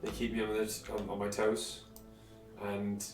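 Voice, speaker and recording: A man's voice: lowish voice, completely flat delivery, unhurried. A man chatting casually while streaming a game, rambling and self-deprecating, with many fillers. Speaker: game streamer and dungeon master. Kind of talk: casual let's-play chat. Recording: roomy from mic distance. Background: game music.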